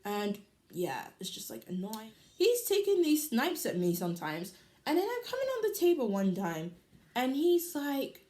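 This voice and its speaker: Loud, chatty teenage girl vlogger. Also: on the high side, huge pitch swings, normal speed. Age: teens. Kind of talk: casual storytime.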